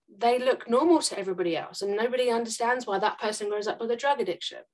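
Woman, podcast guest, quick emphatic explainer. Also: a little high. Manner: fast, emphatic explaining with acted examples. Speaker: podcast guest, trauma expert.

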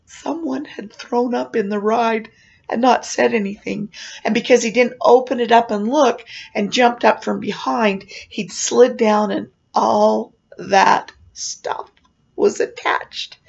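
A woman telling a lively personal story, acting out the people in it with animated voiced quotes. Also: a little high, takes it slowly, vocal fry, slightly rough. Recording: slightly dull lo-fi recording.

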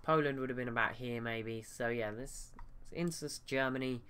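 Casting: man, mid-pitched and clear, casual game commentary, hesitant restarts, desk mic at home. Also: moderate pace, a bit bright. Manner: thinking aloud, hesitant with restarts. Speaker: gaming YouTuber.

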